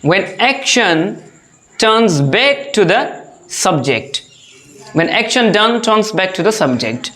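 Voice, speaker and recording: A grammar teacher giving a lesson to students, speaking slowly and repeating each phrase and example, often addressing them as dear students. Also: mid-range voice, very animated, a bit bright.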